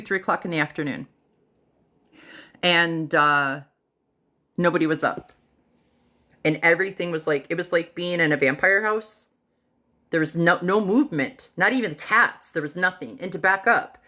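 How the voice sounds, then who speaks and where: Lower-voiced woman telling a personal story. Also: bright, forceful tone. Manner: dramatic retelling that acts out other people's lines; unhurried, with pauses and fillers. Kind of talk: casual first-person storytelling.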